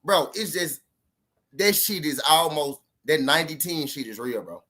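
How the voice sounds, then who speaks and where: Fairly high-pitched with lively intonation, normal speed and a sharp tone, this man tells his viewers a relationship story in a casual way. He's a relationship-advice vlogger, and his emphatic street talk is profane and repetitive.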